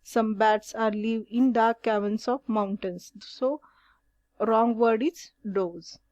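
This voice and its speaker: A woman teacher reading out exercise questions and their answers in a slow, deliberate question-and-answer way. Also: a little high, steady tone, darkish tone, no echo, dull audio.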